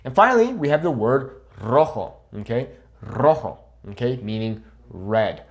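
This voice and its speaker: A man's voice: mid-range voice, big pitch swings, normal speed. A man teaching a Spanish pronunciation lesson, patient and encouraging, checking in often with the learner. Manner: patient, checks in with frequent "okay?". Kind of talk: online language lesson.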